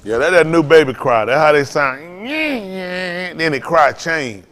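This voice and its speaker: An older male pastor delivers a loose, conversational sermon. His voice sits a little high, and he talks in a folksy, animated way. He circles back and repeats phrases as he tells stories. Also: slow. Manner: folksy, animated, Southern Black church vernacular, repeats himself. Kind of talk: informal sermon with storytelling.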